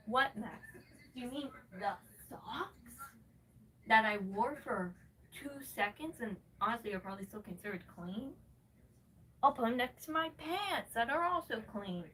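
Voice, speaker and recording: A woman's voice: mid-range voice, fairly bright tone, distant mic, slight background noise. A woman live streamer ranting at her chat from her bedroom, sarcastic and swearing constantly. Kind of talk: angry rant to chat. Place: her bedroom, moving around.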